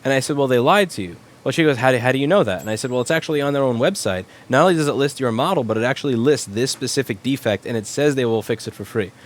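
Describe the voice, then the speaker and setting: A man's voice: medium pitch, expressive, quick pace, hardly any pauses. Blunt, profane man chatting on a livestream. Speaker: livestream host, repair shop owner. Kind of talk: casual livestream chat answering viewers.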